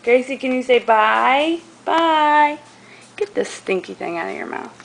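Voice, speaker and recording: A woman's voice: sits high, expressive, unhurried, gravelly, a little hiss or hum. A woman filming her baby at home, coaxing her in a sing-song baby-talk voice.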